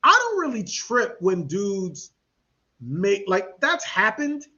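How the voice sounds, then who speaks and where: Animated high-voiced man telling stories. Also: slow pace. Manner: animated storyteller, laughs often, slangy. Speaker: podcast co-host. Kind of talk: casual chat. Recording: dull lo-fi podcast audio.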